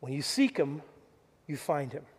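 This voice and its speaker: A middle-aged man preaching a sermon as pastor, telling stories in an animated way and acting out the quotes. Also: a little high, measured pace, breathy edge, in a large hall. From Canada. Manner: animated storytelling, acts out quotes. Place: church service.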